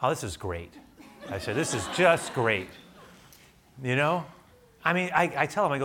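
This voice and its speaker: A man preaching a sermon, telling a story and getting animated as he quotes himself. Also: medium pitch, moderate pace, a little hiss or hum. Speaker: pastor.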